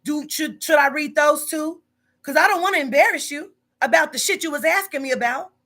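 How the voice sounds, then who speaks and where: A woman's voice: high-pitched, brisk, pushed and bright. A woman who runs a psychic reading business, confronting a staff member in a profane, emphatic monologue full of repetition.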